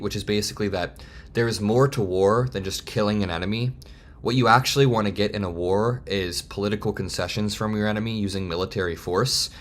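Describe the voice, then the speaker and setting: A man in his twenties giving heated, fast political commentary straight to camera. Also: fairly low pitch. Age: 20s. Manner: heated, fast, worked-up ranting.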